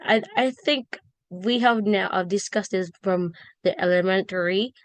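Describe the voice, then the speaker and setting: A woman teaching a lesson on poetry, explaining slowly with fillers and self-corrections. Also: mid-range voice, dry recording. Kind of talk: classroom lecture on poetry.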